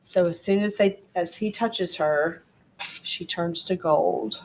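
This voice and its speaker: A woman's voice: fairly low pitch, slow pace, slight background noise. A woman teacher reading a storybook aloud and explaining it to her class in a chatty way. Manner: chatty, explanatory, frequent ums.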